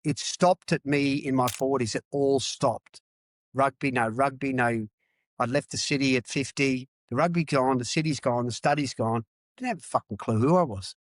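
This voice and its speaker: Recorded dry at medium pitch and a moderate pace, an Australian ex-rugby player in his fifties talks on a podcast about his life. His telling is frank and raw, and he repeats words for emphasis.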